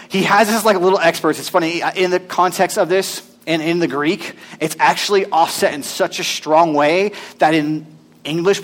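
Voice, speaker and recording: A male pastor preaching a sermon in a conversational, animated way, reading scripture aloud to his congregation. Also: fairly high pitch.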